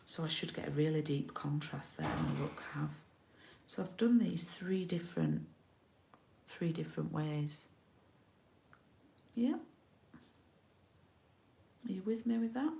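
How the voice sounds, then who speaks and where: A woman's voice: sits low, animated, unhurried, creaky, pauses often, mellow, roomy sound. A middle-aged woman from the UK giving a casual card-making tutorial, chatty and often checking in with her viewers.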